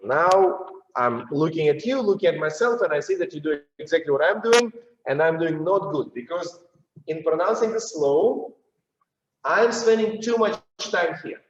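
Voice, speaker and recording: Man, Russian accent, dance teacher counting beats; slightly high voice, echoey room. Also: expressive, normal speed, slight background noise. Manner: counts and chants rhythm while demonstrating. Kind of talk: dance masterclass instruction. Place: dance studio. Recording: roomy, distant, dull studio sound.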